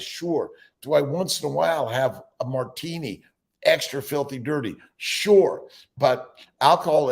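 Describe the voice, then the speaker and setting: A man with a gravelly, creaky voice, hosting a casual morning livestream. He rambles loosely, stalls on fillers and reads out viewer names as they come in. His pitch sits in the middle for a man. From United States. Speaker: livestream host.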